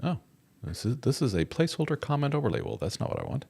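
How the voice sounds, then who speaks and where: A man's voice: mid-range voice, wildly swooping pitch, quick pace, gravelly, a little mellow, breathy edge. A middle-aged man hosting a casual live-stream chat, jokey and chatty as he greets viewers and reads their comments aloud. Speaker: host of a live chat show.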